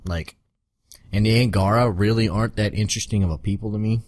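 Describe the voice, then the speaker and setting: A man talking in a casual gaming podcast with a lowish voice. He swears freely and acts out his own reactions. The sound is close and dry. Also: steady tone, quick pace, darkish tone, no room sound. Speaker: podcast co-host.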